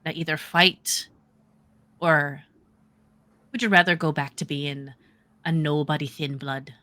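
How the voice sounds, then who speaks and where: A woman's voice: deep voice, steady tone, measured pace, pushed and bright, no echo. A woman voicing an arrogant male vampire in a tabletop game, sneering and condescending.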